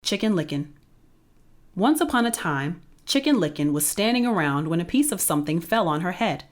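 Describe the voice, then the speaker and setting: A woman reads a children's storybook aloud with a playful, expressive touch. Her voice sits on the lower side for a woman, yet it rises and falls in lively, animated swings. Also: moderate pace. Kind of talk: reading a children's book aloud.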